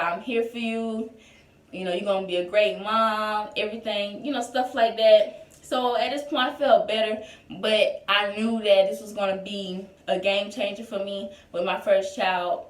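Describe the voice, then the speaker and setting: A young woman chats through a personal story for her vlog, loose and conversational, peppering it with "like" and "y'all". Her mid-pitched voice sits a little away from the mic, and the room around her echoes. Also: far from the mic. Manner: chatty, lots of "like" and "y'all". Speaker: vlogger. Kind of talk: casual storytime.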